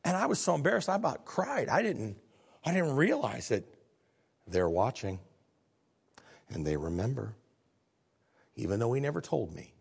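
A man preaching a sermon, earnest and animated, asking the congregation questions. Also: mid-range voice, normal speed, creaky, long pauses, breathy edge.

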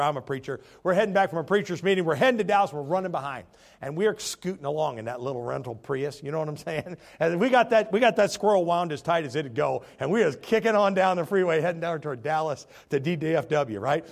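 Animated Baptist preacher man. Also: on the high side. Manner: animated, swings from hushed to loud. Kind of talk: sermon with storytelling.

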